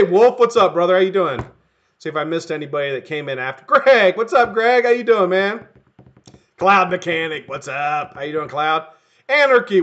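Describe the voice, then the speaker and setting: A loud, excitable man hosting a live stream, his voice bright and bouncing up and down in pitch as he greets viewers by name. He swears freely and laughs at his own stories. The audio is dull and lo-fi. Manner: profane, excitable, laughing often, shouting names to greet viewers. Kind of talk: casual live-stream chat.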